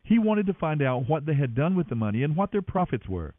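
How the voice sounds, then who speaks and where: An expressive man reading scripture with a lively, rising and falling delivery. The recording is dry and narrow, like it comes through a telephone. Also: fairly high pitch, brisk, no echo. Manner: expressive, voices each speaker. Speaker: Bible reader. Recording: dry, tinny phone-like sound.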